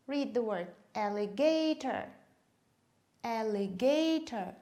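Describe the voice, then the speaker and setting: A woman, a native Kyrgyz speaker, leading a teaching demonstration in English, drilling words slowly and clearly. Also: on the high side, expressive, a little mellow.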